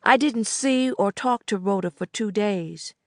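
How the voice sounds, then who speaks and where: Gravelly woman narrating an audiobook. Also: medium pitch, a little slow, no echo, clean studio sound. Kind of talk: first-person audiobook narration.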